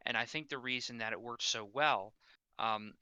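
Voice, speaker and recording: Bright-voiced stammering man. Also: medium pitch, moderate pace, clear, resonant tone, no room sound, muffled recording. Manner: stammering, repeats words when starting. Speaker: podcast co-host. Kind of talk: casual film discussion.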